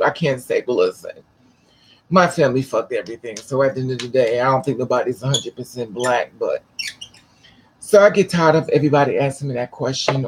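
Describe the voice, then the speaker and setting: A man's voice: mid-range voice, brisk, darkish tone, slight background noise. A man vlogging, telling a personal story casually, rambling with restarts and swearing.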